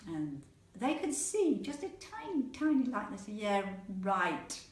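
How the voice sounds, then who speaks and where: A woman storyteller telling a folk tale aloud in a playful, animated manner, repeating words for rhythm. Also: high-pitched, normal speed. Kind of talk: oral storytelling. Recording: echoey room, mic at a distance.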